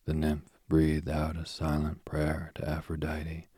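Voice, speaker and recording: A man reading a myth aloud as a soothing bedtime story, slowly and softly, drifting into whispers. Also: rumbling low, completely flat delivery, breathy edge, dry recording, studio quality. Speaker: sleep story reader.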